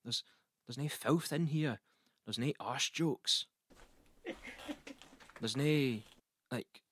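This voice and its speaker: A man's voice: medium pitch, expressive, a little slow, bright, forceful tone, a little hiss or hum, voice pushed up. A man voicing a flustered old male poet, protesting indignantly.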